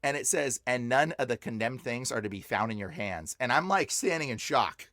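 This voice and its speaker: A young man on a podcast telling a personal story with lots of excitement, his voice jumping up whenever he quotes himself. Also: mid-range voice, moderate pace, few pauses, dry recording, clean studio sound. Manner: excitable, voice jumps up when quoting himself. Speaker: podcast guest.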